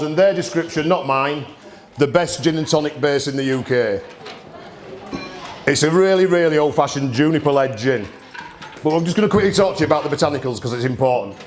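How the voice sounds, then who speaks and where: A man hosting a live gin tasting event, talking bluntly to the audience with cheeky banter. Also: fairly high pitch. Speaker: gin distillery host. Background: audience murmur and laughter.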